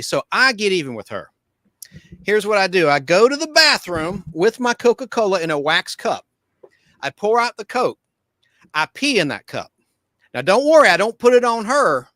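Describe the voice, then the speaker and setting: A man in his forties with a bright, forceful voice, telling stories with lively animation and popping into squeaky voices for the people in them. The sound is dry and close, with no room echo. He talks casually, like a host among friends. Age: 40s. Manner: animated storyteller, acts out quotes in squeaky voices. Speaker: podcast host. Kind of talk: casual storytelling chat.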